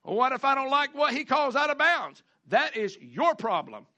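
Male pastor, high bright voice, folksy sermon delivery with call-and-response. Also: very animated. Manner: folksy preaching with call-outs, repeats and drawn-out emphasis.

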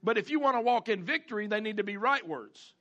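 High bright-voiced preacher man. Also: lively intonation, highs cut off. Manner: folksy preaching with call-outs, repeats and drawn-out emphasis. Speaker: pastor. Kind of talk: sermon.

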